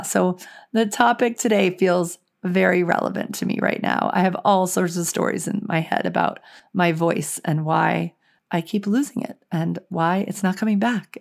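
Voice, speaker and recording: A woman with a raspy, hoarse voice, hosting her podcast in a chatty, reflective monologue. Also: medium pitch, a little mellow. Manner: chatty and reflective, with frequent "like" fillers. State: hoarse, voice going. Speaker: podcast host.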